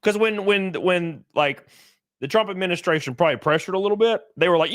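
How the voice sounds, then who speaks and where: A Californian man hosts a casual livestream, reading chat and reacting, swearing a lot, laughing often, and acting out other people's voices. His voice is high, fairly quick and a bit bright. The recording is dry and studio quality.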